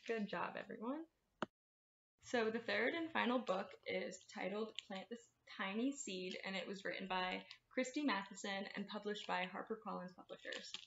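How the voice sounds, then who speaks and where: A young woman librarian leading a family storytime, reading picture books and rhymes aloud in a slow, sing-song way. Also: medium pitch, gravelly, fairly bright tone, a little hiss or hum. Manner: slow, sing-song read-aloud with playful animal sounds. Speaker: children's librarian. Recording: lo-fi, echoey room.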